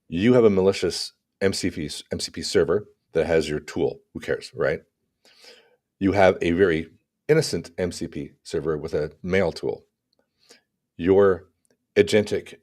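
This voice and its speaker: Deep-voiced man chatting about tech. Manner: animated, talks through examples with acted asides. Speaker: podcast co-host. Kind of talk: casual tech chat.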